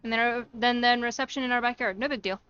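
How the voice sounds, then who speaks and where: A woman's voice: fairly high pitch, steady tone, fast, bright, forceful tone, clear, resonant tone, dry recording, dull audio. A woman reading as a flustered young bride. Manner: flustered, chatty. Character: nervous young bride-to-be planning a DIY wedding. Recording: faint music behind.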